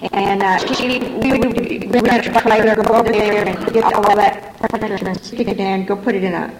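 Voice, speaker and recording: A woman's voice: mid-range voice, steady tone, normal speed, echoey room, noisy background. An older woman sharing her personal story at a recovery meeting, frank and folksy, with a wry sense of humor. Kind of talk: personal testimony to a meeting audience.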